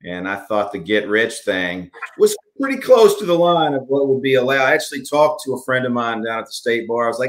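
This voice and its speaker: A man's voice: medium pitch, animated, a little fast, few pauses, fairly bright tone, a little hiss or hum. A man from Alabama with a Southern accent, an author answering interview questions over a video call in a rambling, filler-filled way. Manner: rambling, many fillers and restarts. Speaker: author guest.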